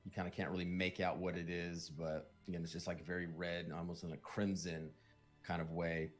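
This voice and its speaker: A man's voice: deep voice, flat delivery, fairly quick, faint music behind. A man narrating a tabletop game as game master, with loose, filler-heavy description.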